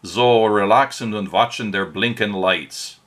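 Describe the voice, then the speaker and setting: A man putting on a fake German accent to play a stern male computer-room warning announcer, barking officious orders, pitched higher than his usual voice. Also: unhurried, fairly bright tone. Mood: mock stern.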